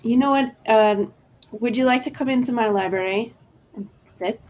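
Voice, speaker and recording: A woman's voice: a little high, normal speed, a little mellow, a little hiss or hum, lightly acted. A woman voicing a worried, protective librarian who hesitates and fills her speech with ums, in a tabletop game. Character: anxious protective woman librarian, middle-aged.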